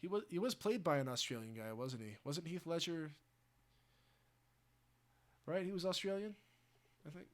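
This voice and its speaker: A man's voice: on the high side, expressive, moderate pace, long pauses. A man livestreaming, rambling casually with crude language and laughing asides. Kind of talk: casual chat.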